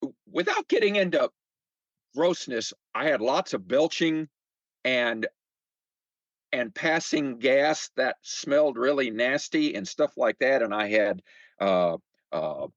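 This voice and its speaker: An older man in his seventies talks casually as a podcast guest, his pitch rising and falling a lot as he acts out what people said. He stumbles over repeated words and fillers. The sound is dry and a little muffled. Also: slow, long pauses, no room sound. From United States. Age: 70s. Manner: chatty, animated, acts out quoted remarks. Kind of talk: casual conversational storytelling.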